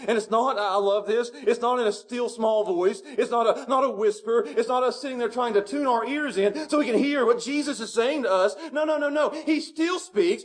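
A man preaching a sermon as pastor, animated and rising to shouts at the high points.

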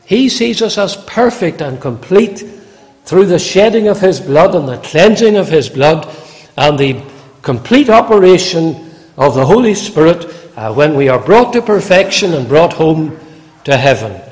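Slow, lively-voiced preacher in a reverberant hall. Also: male voice, fairly high pitch. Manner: slow, measured preaching with emphatic quoted scripture. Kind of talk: sermon.

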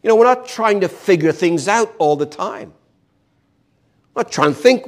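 A man's voice: high-pitched, expressive. Earnest older man preaching a sermon. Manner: earnest, emphatic, repeats key words slowly.

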